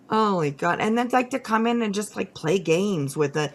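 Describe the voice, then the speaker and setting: A woman's voice: medium pitch, animated, moderate pace, few pauses. A woman hosting a casual livestream, talking straight to her viewers in a blunt, profane rant full of restarts. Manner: many fillers and restarts, talks to chat. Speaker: livestream host.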